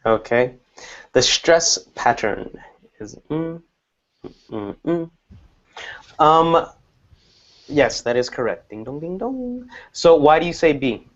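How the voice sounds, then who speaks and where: A man teaching an online English class, explaining patiently and slowly with examples. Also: on the high side, very animated, dull audio.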